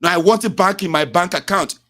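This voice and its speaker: A raging customer, put on by a host, rants in a shrill, loud voice. He is fed up and wants to cancel everything and get his money back. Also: expressive, very fast. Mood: furious. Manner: shouting, high-pitched, ranting. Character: furious male customer cancelling his TV plan.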